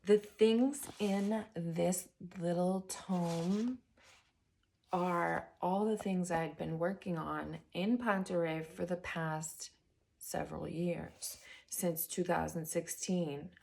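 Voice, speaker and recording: A woman's voice: fairly low pitch, steady tone, takes it slowly, gravelly, darkish tone. A woman giving a casual, enthusiastic tarot reading and spiritual chat, talking straight to her viewers. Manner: chatty and enthusiastic, addressing viewers as guys; drops to a whisper while turning cards. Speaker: tarot reader and spiritual coach.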